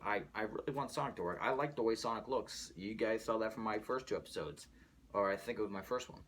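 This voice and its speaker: A man hosting his own movie news show, talking casually in a rambling, animated way and swearing freely. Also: mid-range voice, a little hiss or hum. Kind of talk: casual solo movie commentary.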